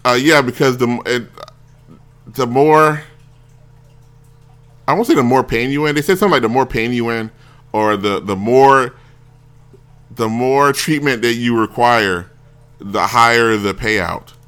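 Man, bright tense voice, rambling, self-interrupting, casual storytelling, show host. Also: medium pitch, measured pace, long pauses, clean tone.

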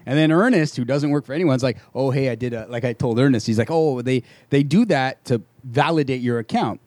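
A man's voice: mid-range voice, fairly quick, darkish tone, dry recording. A man telling a frustrated story in casual chat, swearing freely and acting out the quoted voices of the people involved.

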